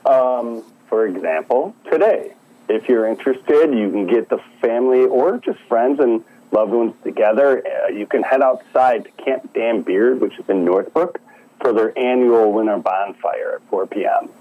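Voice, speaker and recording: A middle-aged man calling into a radio show as a forest preserve guest, talking in a relaxed, easygoing way with fillers. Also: medium pitch, normal speed, low-quality recording. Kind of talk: phone-in interview. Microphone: phone line.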